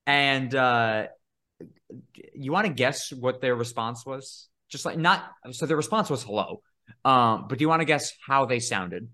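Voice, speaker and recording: Podcast co-host, male, bright tense tone, lively cursing storyteller. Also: mid-range voice, unhurried. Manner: animated storytelling, swears freely, laughs often. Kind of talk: casual chat.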